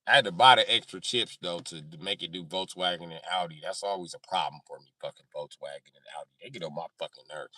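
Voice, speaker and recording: A man's voice: low voice, quick pace, hardly any pauses, bright, forceful tone, no echo. A man chatting on a livestream, joking and cursing in a rambling way. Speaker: livestream host. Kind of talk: casual livestream chat.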